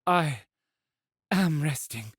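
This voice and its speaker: Brief: man doing a hurt young heroine, higher lilting voice, strained but resolute, slow and dry, audiobook. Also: animated, husky, dry recording, full character voice. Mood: strained resolve. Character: wounded determined young woman, a mage. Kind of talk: audiobook character voice.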